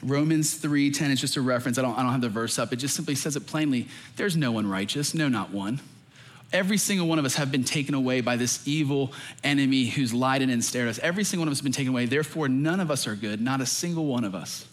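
A man's voice: mid-range voice, fast. A young adult man, a pastor, preaching a sermon in an earnest, emphatic way.

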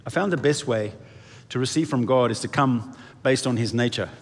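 Guy preaching a sermon, really animated, voice jumps up and down, echoey hall sound. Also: normal speed, husky. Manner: animated, acts out quoted voices, lively swings in pitch and volume. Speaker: pastor.

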